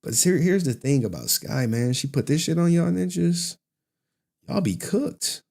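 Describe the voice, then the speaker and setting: A man's voice: fairly high pitch, lively intonation, moderate pace, gravelly, darkish tone. A man hosting a livestream, casual slangy commentary with frequent laughter. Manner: slangy, loose, laughs often. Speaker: livestream host.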